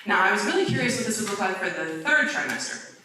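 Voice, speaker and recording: A woman around thirty giving a conference presentation, talking conversationally and checking in with the audience with quick "okay?" tags as she argues point by point. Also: medium pitch, sing-song, pushed and bright, slight background noise. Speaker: conference speaker. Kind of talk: lecture-style presentation. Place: large university lecture hall. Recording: echoey hall, distant mic.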